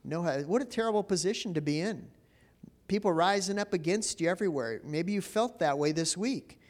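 A man's voice: sits high, animated, fairly quick, darkish tone. A man preaching a sermon in a conversational way, often asking the congregation questions and repeating words as he goes. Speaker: pastor.

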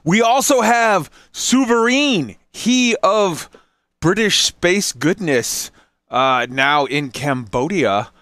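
Guy hosting a podcast, super animated pitch, dry close sound, laid back jokey vibe. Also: takes it slowly, no room sound. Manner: loose, drinking and joking, lively swoops. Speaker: podcast host. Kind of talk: casual chat.

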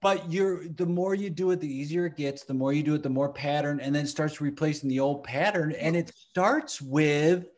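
A man's voice: fairly high pitch, fairly even intonation, normal speed, hardly any pauses. A man in his thirties, a father, talking in a reflective, earnest way in a casual chat and laughing easily.

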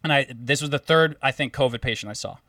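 A young man telling a story in casual chat, animated and swearing often, quoting himself and others. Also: medium pitch, quick pace, no echo, recorded from a distance. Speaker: home care therapist.

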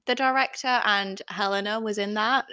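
A young woman chats casually as a co-host, giggly and quick to react to what she sees. The recording sounds close and dry, with no room echo. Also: medium pitch, fairly even intonation, pushed and bright, clean tone. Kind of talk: casual chat.

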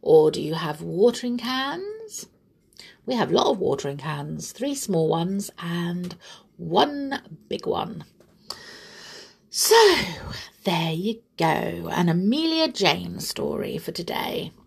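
A woman speaks warmly to young listeners at an unhurried pace. Her pitch rises and falls freely, with a husky, slightly gravelly edge to her voice. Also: big pitch swings. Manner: slow, lilting, speaks directly to children. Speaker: storyteller reading to children. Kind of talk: gentle chat to young listeners.

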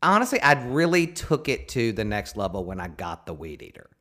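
A man's voice: lowish voice, sing-song, brisk, a bit bright. A man co-hosting a podcast, chatting casually in a playful, rambling, self-mocking way. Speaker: podcast co-host. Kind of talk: casual banter. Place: Nashville.

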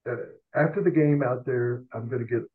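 An older man with a husky, worn voice spins animated, self-mocking anecdotes as a podcast guest. His sound is thin and phone-like, as if he's calling in over a narrow line. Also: mid-range voice, a little fast. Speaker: podcast guest, sports columnist. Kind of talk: rambling anecdotal storytelling.

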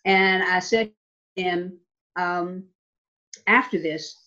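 A woman's voice: fairly low pitch, slow, sharp tone. Emphatic woman legislator, slightly muffled. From Nevada. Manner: emphatic, repeats words, asks "okay?". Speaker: state legislator. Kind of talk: interview storytelling. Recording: slightly dull lo-fi sound.

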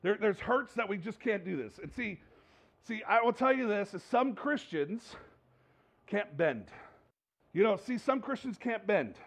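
His voice high-pitched and creaky at a moderate pace, a male pastor preaches to the congregation in a church sanctuary. He keeps it conversational, often going back over and restarting his words.

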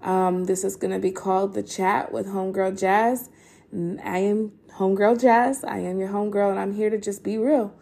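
An emotional young woman on the edge of tears gives heartfelt encouragement as a podcast host. Her voice is low-toned, mellow and gravelly with vocal fry. She talks in a casual, earnest way, full of ums and restarts. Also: fairly even intonation, normal speed. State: emotional, holding back tears. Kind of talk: casual faith-based encouragement talk.

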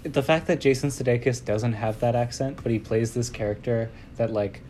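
A man's voice: mid-range voice, moderate pace, warm tone, a little hiss or hum. A man co-hosting a podcast, talking in a casual, rambling way with lots of fillers and restarts. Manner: rambling, hesitant, many fillers. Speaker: podcast co-host. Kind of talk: casual chat.

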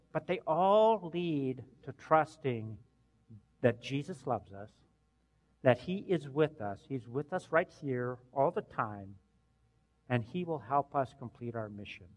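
A man preaching a sermon as pastor, earnest, with sudden loud bursts and hushed endings. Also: fairly high pitch, animated, unhurried, in a large hall.

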